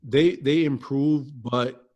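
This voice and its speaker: Slow and mid-range in voice, this wrestling podcast co-host chats loosely about the sport, getting animated, wandering off track and frequently saying things over again.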